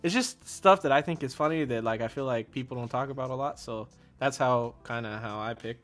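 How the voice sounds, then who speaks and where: A man's voice: medium pitch, a little fast, a bit bright, soft background music. A man co-reviewing a comedy film in casual chat, laughing and acting out the lines. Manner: laughing, acts out movie lines. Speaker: guest co-reviewer.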